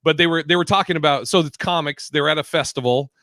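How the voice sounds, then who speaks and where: A man's voice: a little high, quick pace, bright, forceful tone, dry recording. A man co-hosting a live podcast, reading chat comments and telling stories in a loose, profane way. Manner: profane, rambling storyteller. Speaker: podcast co-host.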